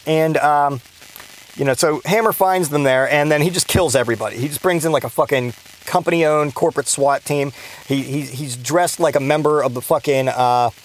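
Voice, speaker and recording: A man's voice: on the high side, low-quality recording. A man hosting a podcast, recapping a movie in a rambling, casual way with constant swearing, fillers and restarts. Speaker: podcast host.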